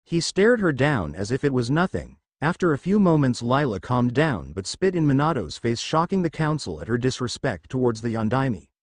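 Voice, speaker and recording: A man's voice: medium pitch, big pitch swings, normal speed, few pauses, no echo, studio quality. A man narrating a fan fiction story in a plain reading manner.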